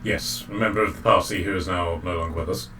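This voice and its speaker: A man narrating as game master of a tabletop game, halting often with fillers and restarts. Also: low-pitched, steady tone, sharp tone, soft background music. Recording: distant mic, faint background noise.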